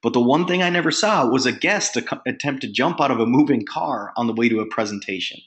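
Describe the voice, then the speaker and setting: A man's voice: medium pitch, expressive, fast, a bit bright. A man giving a motivational sales training talk, speaking emphatically and acting out sample phone calls.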